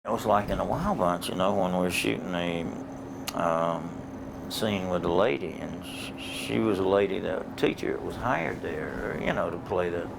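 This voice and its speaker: Deep, gravelly older man, noisy room. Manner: slow and rambling, with many fillers. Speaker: actor interviewee. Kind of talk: reminiscing interview at home.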